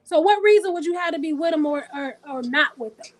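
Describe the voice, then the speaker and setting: A woman hosting a casual talk show, blunt and profane, animated and thinking out loud. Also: sits high, crowd noise. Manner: animated, blunt and profane, pausing to reason aloud. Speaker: host.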